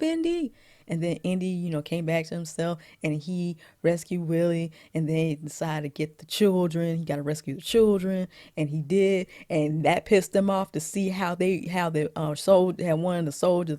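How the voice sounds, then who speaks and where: A woman vlogger giving a casual, chatty movie recap, laughing often and filling pauses with "you know". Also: lowish voice, warm tone, no echo, clean studio sound.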